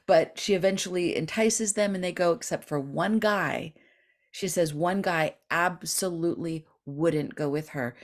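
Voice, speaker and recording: A middle-aged woman, a guest author, telling a story in an interview and acting out the voices of the people in it. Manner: animated, acts out quoted voices with big pitch jumps. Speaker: guest author and dream expert.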